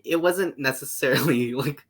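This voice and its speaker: A man's voice: mid-range voice, normal speed. A man from Canada co-hosting a podcast, chatting casually, using lots of fillers and laughing often. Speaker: podcast co-host. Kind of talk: casual chat.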